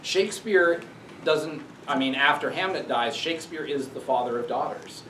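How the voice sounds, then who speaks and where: Speaking at a moderate pace in a slightly high, pushed and bright voice, a male professor delivers a public university lecture. He muses aloud in a conversational way and gives quoted passages emphatic readings. The hall sounds echoey, recorded at a distance, with a little hiss or hum.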